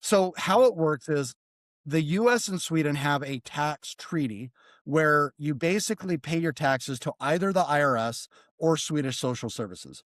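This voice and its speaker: Male podcast guest, casual storyteller, slightly high, dry close sound, lively and profane. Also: moderate pace, dry recording. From United States. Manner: animated, swearing, mimics voices in quotes.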